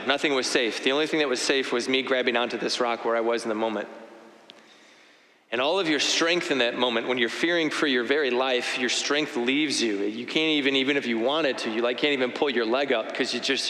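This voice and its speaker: A man giving an earnest, reflective personal testimony. He talks in halting phrases, often restarting and repeating himself. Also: medium pitch, pushed and bright. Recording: echoey hall with long reverb.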